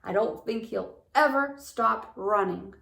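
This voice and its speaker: A woman's voice: medium pitch, slow pace, creaky, a bit bright, recorded from a distance. A woman voicing a brave, stern male woodcutter in a fairy tale, firm in tone. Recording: roomy echo.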